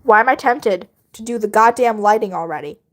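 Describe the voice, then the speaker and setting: A woman's voice: mid-range voice, fairly quick. A woman livestreaming while she draws, chatting casually and rambling to her viewers, often laughing.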